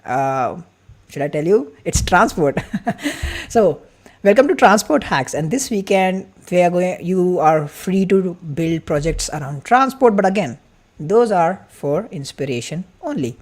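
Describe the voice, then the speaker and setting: A man hosting a live-streamed event welcome. He talks quickly and excitedly, greets viewers from the chat, and chats freely. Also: high voice. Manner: excited, fast-talking, chatty. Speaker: livestream host.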